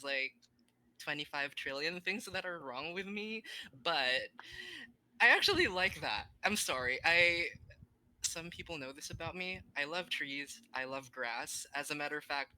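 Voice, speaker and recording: A podcast co-host in casual chat, excitable and breaking into loud, high laughs. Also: rough recording.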